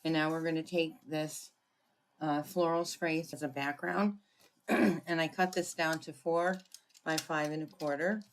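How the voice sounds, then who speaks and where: A woman giving a casual card-making tutorial, chatting and thinking aloud as she works, often clearing her throat. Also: low voice, steady tone, unhurried, a little hiss or hum. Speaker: papercraft demonstrator.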